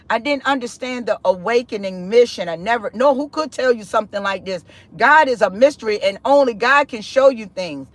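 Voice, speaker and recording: A woman in an animated spiritual testimony on a live stream, chatty and expressive, often calling the listener "honey" and "sis". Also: normal speed, no room sound. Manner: expressive and chatty, with big pitch swings and laughter; loose conversational speech with frequent "honey" and "sis".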